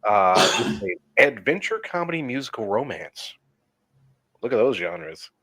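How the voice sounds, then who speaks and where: Film podcast co-host, a man with an animated pitch, reading facts and ratings with dry, wry asides. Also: normal speed. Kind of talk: casual chat.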